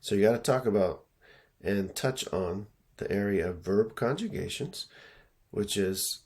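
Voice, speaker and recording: A man's voice: on the low side, measured pace. A man working as an education consultant, giving a casual teaching talk to schools and checking in often with "okay?" and "right?". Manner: relaxed, repeats himself, lots of fillers and "okay?" checks.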